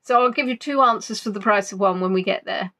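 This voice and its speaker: A woman's voice: mid-range voice, fast, sharp tone. A woman hosting a casual quiz stream, chatty and playful as she reads out viewers' answers. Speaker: quiz host.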